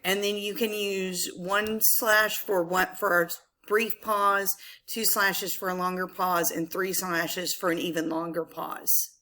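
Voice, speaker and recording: A woman's voice: mid-range voice, bright, forceful tone. A woman English teacher giving a recorded lesson, explaining patiently with frequent ums.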